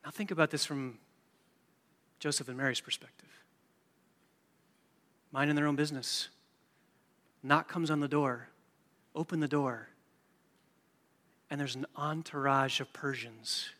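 A man preaching a sermon, moving from hushed storytelling to loud, emphatic preaching. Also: medium pitch, steady tone, unhurried, pauses often, big-room sound. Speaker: pastor.

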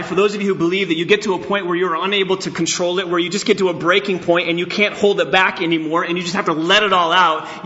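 His tone is bright and forceful, his voice a little high: a middle-aged pastor preaching in a church sanctuary, candid and full of personal stories, rising now and then to emphatic outbursts. The recording is muffled with a little hiss or hum.

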